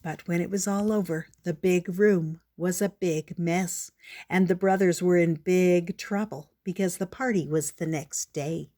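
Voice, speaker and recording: An older woman reading a children's picture book aloud in a gentle, measured storybook manner. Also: lowish voice, fairly even intonation.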